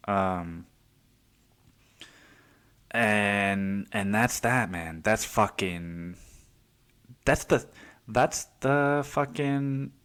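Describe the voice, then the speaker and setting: A man's voice: lowish voice, a bit bright. A man hosting a casual solo podcast, rambling and swearing freely, calling everyone dude. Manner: rambling, profane, calls listeners dude. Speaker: podcast host.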